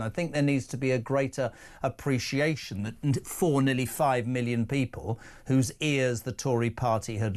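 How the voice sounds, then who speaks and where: A man's voice: medium pitch, a little mellow. A man in his sixties hosting live talk radio from a studio, with emphatic, incredulous delivery and sarcastic asides. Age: 60s. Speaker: radio talk show host. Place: broadcast studio.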